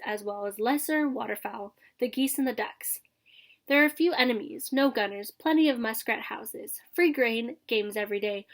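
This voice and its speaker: A woman voicing a stately male trumpeter swan father who speaks in slow, flowery, formal phrases, read aloud from a storybook. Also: fairly high pitch, lightly acted. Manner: slow, grand, flowery delivery.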